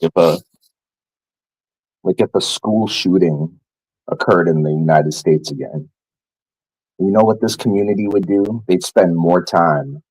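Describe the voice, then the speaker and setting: A man's voice: very deep voice, darkish tone, breathy edge, no room sound, low-quality recording. A man ranting angrily and profanely to his viewers in a scornful vlog tirade. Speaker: vlogger. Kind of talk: angry rant to camera.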